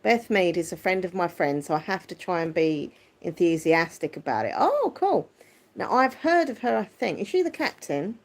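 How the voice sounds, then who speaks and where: A woman hosting a casual livestream, chatting and answering viewer comments. Her voice is squeaky yet deep, and her manner is chatty and quick to laugh. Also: sing-song. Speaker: livestream host. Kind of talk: casual live chat, reading viewer comments.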